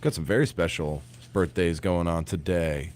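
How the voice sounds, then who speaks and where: A man's voice: sits low, normal speed, a little mellow, a little hiss or hum. A man hosting a morning radio show, upbeat and playful, who laughs easily with his co-hosts. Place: radio studio.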